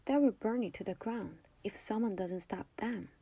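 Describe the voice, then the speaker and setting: A woman's voice: mid-range voice, normal speed, vocal fry, mellow, breathy edge, no echo. A woman voicing a frightened, desperate young schoolteacher, urgent and pleading, in a whispered role-play.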